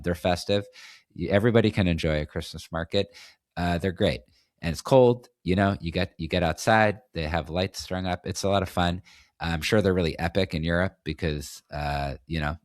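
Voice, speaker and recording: A man's voice: sits low, no echo, studio quality. A man from New England hosting a solo podcast, talking in a rambling, opinionated way with many restarts. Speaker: podcast host. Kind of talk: casual solo podcast monologue.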